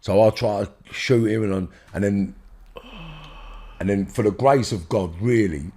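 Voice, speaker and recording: A middle-aged London man telling a rough story as a podcast guest, swearing and acting out the voices of the people in it. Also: lowish voice, a little slow. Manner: swearing, animated, acts out quoted voices loudly. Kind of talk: storytelling in an interview.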